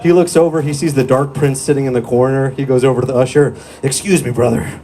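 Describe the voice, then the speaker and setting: A man's voice: mid-range voice, steady tone, fast, mellow. A young man doing a crude, profane stand-up set in a small comedy club, telling stories in a laid-back way into a handheld mic.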